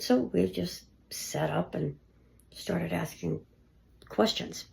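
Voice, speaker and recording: A woman with a low voice and a heavy gravelly fry narrates her ghost-hunting recordings in a casual, conversational way. She often sinks into a hushed near-whisper. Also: expressive, a little slow. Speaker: paranormal investigator.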